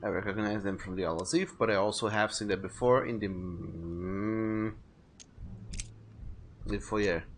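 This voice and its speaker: A man's voice: lowish voice, fairly even intonation, measured pace, pauses often, a little hiss or hum. A man streaming a video game live, giving casual, joking commentary. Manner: joking, chatty. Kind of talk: casual let's-play commentary.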